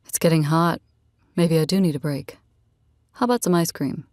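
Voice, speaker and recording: Audiobook: woman reading easygoing rugged guy, lowered voice, dry close read. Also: normal speed, a little mellow, dry recording, natural voice. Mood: teasing. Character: tall rugged man, easygoing and teasing.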